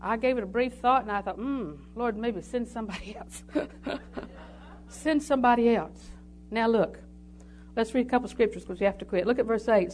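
A woman's voice: a little high, a little mellow, a little hiss or hum. A woman preaching a sermon, telling homely stories and reading scripture aloud. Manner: folksy storytelling with scripture reading.

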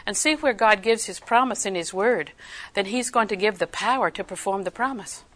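Older woman preaching; bright, forceful, emphatic delivery, acts out quotes. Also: medium pitch, moderate pace. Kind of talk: sermon.

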